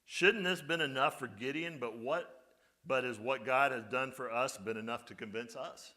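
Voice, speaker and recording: A man's voice: medium pitch, normal speed, pushed and bright. A male pastor giving a conversational sermon, often putting rhetorical questions to his congregation.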